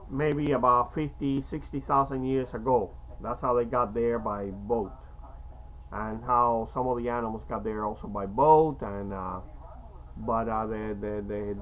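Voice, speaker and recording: A man in his fifties from Cuba with a slight Cuban Spanish accent, talking in a rambling, halting way with many fillers and restarts. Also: mid-range voice, a bit bright, a little hiss or hum, poor audio. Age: 50s. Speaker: vlogger. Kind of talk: rambling casual monologue.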